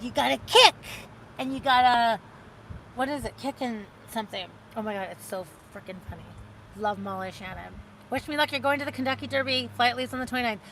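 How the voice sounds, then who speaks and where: A woman's voice: fairly high pitch, noisy background. A woman hosting a casual livestream, chatting in a rambling way and reading out viewer comments. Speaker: livestream host.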